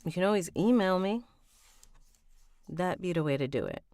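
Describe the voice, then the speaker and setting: A woman's voice: fairly low pitch, lively intonation, normal speed, darkish tone, dry recording, clean studio sound. A woman reading an audiobook aloud on a live stream, breaking off to chat with viewers and redo lines.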